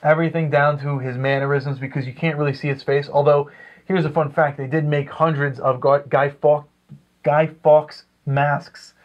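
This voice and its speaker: A man's voice: fairly high pitch, little pitch movement, moderate pace, dull audio. A man co-hosting a casual movie review, rambling with lots of fillers and restarts. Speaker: co-host.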